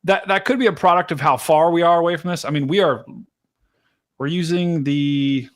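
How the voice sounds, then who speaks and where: A man hosting a live storm-tracking stream, chatting casually to his viewers and explaining radar, excitable and talkative. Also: a little high, normal speed. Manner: excitable, chatty, talks to chat directly. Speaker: livestream weather host.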